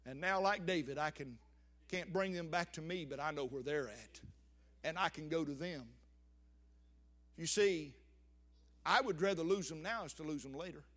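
High bright older preacher. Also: male voice, normal speed, pauses often. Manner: impassioned preaching with emphatic swells and drops. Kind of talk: sermon.

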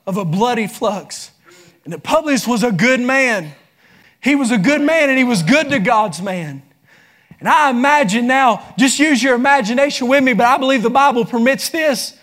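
Man, preacher, very high voice, fervent sermon, shouting at peaks. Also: animated, moderate pace. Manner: impassioned, rising into shouts.

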